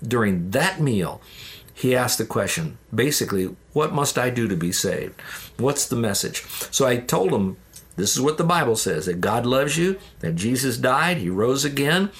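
A man's voice: mid-range voice, fairly bright tone. A man, a ministry leader, earnestly telling a personal faith story in an interview. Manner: earnest, addresses listeners as "dear ones".

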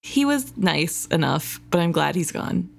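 Lady podcast co-host, kinda low voice, chatty, laughs a lot, emotional. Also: sing-song, measured pace, gravelly. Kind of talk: casual book-podcast chat.

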